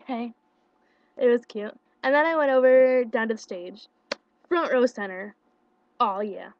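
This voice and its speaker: A young woman casually retelling a concert meet-up into a webcam, excited and chatty, with lots of fillers and quoted dialogue. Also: fairly high pitch, a little slow, dry recording. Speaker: vlogger. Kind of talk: casual storytelling. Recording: lo-fi webcam audio.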